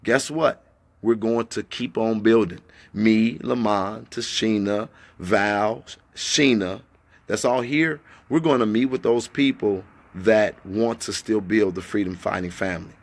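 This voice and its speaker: Fiery gravelly man in echoey room. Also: on the low side, unhurried. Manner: fiery, rhetorical questions, then hushed. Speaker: activist addressing followers. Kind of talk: impassioned livestream talk. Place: echoey indoor space.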